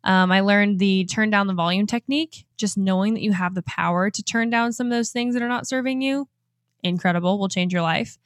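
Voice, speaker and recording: A woman in her twenties hosting a motivational podcast, energetic and enthusiastic and quick to laugh. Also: mid-range voice, clean tone, no echo, clean studio sound. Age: 20s. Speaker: podcast host and life coach. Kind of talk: upbeat motivational podcast talk.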